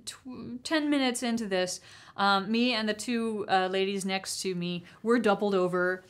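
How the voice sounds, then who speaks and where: A woman in casual conversation, telling a story in a wry, animated way and laughing mid-sentence. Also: mid-range voice, measured pace. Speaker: panel guest.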